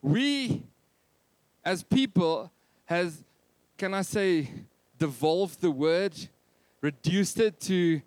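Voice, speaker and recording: A man, preaching a Christmas sermon in an animated, joking way that swings between loud and soft. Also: high voice, very slow, pauses often, dry recording. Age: 30s. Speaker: pastor.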